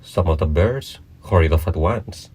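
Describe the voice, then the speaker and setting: A man narrating a children's classic aloud in a measured, plain reading voice. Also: low voice, a little mellow, husky.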